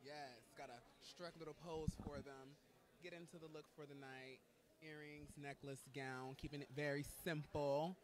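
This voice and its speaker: A man with a slightly high voice hosts live coverage from an indoor red carpet. He talks in a gushing, excitable and campy way. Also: moderate pace, a crowd in the background.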